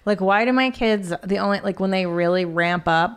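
A woman's voice: mid-range voice, normal speed, hardly any pauses, clear, resonant tone. A woman hosting a podcast in a casual chat, talking freely, swearing and laughing along. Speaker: podcast host.

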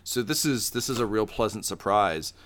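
A man narrating as game master of a tabletop game, with halting speech full of fillers. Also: lowish voice, lively intonation, a bit bright.

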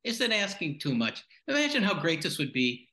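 Blunt, bright-voiced man in echoey room. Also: fairly high pitch, very animated, a little fast. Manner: blunt and exasperated, with sarcastic quips. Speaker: film podcast co-host. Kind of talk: casual film discussion.

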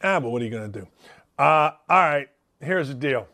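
A man's voice: medium pitch, animated, brisk, pushed and bright. A middle-aged man hosting a sports talk show, delivering a brash, rambling monologue and calling out to chat viewers.

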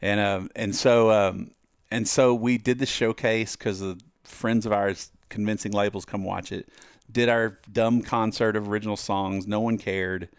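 Low-voiced man telling stories. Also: unhurried, clear, resonant tone, dry recording, clean studio sound. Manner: lively storyteller acting out quoted voices. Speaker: guest musician. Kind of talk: podcast storytelling.

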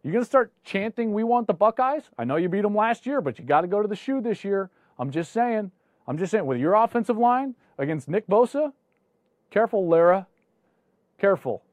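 A man's voice: high-pitched, very animated, fairly quick, darkish tone, dry recording. A man hosting a sports talk show, ranting with mock indignation at viewer comments and bantering with his guest.

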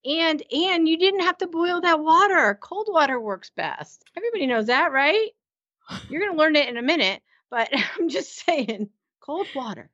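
A woman's voice: high-pitched, very animated, normal speed, a bit bright, no room sound. Easygoing woman co-host, muffled audio. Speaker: podcast co-host. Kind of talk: casual recap chat. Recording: slightly dull, muffled audio.

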